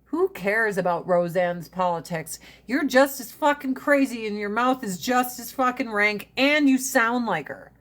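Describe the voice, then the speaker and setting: A woman chatting casually on a phone livestream. She talks bluntly, swears freely and tells her stories with animated energy. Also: a little high, measured pace, few pauses. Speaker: livestream host.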